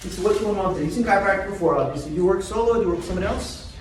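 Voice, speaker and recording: A middle-aged man, a chiropractor teaching a live seminar, who keeps quizzing his audience with quick questions. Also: sits high. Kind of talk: live seminar talk to a group. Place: seminar room. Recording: very echoey room, from far off, faint noise.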